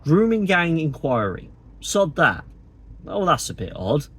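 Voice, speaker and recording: Husky man ranting sarcastically. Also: fairly high pitch, sing-song, a little slow, fairly bright tone. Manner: sarcastic, indignant, exasperated. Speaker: political vlogger. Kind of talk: opinionated monologue to camera.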